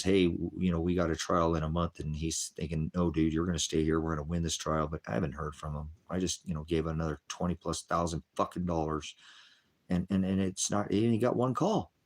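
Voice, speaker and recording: Profane, frustrated man on a live stream. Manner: profane, swings from angry outbursts to low weary mutters. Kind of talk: rambling live stream chat.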